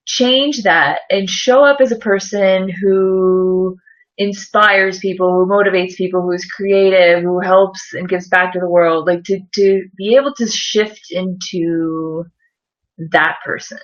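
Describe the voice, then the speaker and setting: A woman's voice: medium pitch, muffled recording. A woman co-hosting a casual podcast chat, talking emphatically and candidly and swearing freely. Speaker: podcast co-host.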